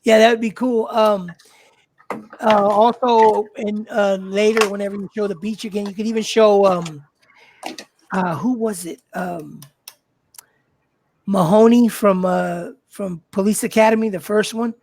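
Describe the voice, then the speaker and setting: A co-host of a live drawing stream chatting casually, halting and searching for words with many fillers. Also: mid-range voice, fairly even intonation, darkish tone, a little hiss or hum. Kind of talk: casual livestream chat.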